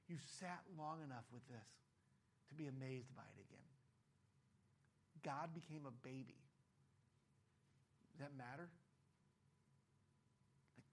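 Animated higher-voiced male preacher. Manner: animated, acts out voices of the story's characters, rhetorical questions. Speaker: pastor. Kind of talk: sermon.

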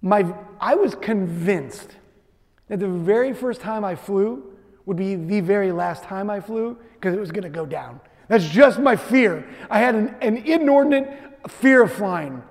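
High-voiced man preaching in an echoey hall. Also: unhurried. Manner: lively storytelling, frequent "right?" asides. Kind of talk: sermon with personal story.

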